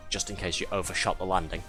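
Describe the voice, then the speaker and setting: Wry, low-voiced male game streamer. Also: expressive, brisk, a bit bright, faint music behind. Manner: wry, sarcastic, laughs often. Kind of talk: live gameplay commentary.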